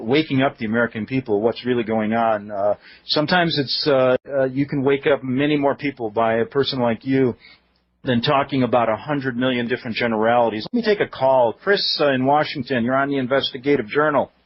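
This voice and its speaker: A male radio host interviews a guest and takes calls. He talks with a mid-range pitch, hesitating with fillers. The audio is muffled and dry. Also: a little fast, no echo. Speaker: radio talk show host.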